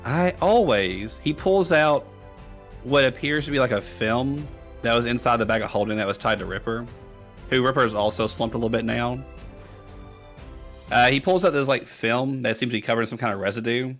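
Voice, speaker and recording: A man's voice: medium pitch, a little fast, fairly bright tone, faint music behind. Casual male game master. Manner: casual, lots of "like" and "uh". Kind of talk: narrating a tabletop game.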